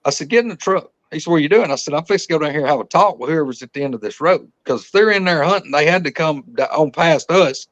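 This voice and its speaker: A man's voice: a little high, fast talker, hardly any pauses, fairly bright tone, highs cut off. A man telling a hunting story as a podcast guest, folksy and rambling, often restarting his sentences. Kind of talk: casual storytelling.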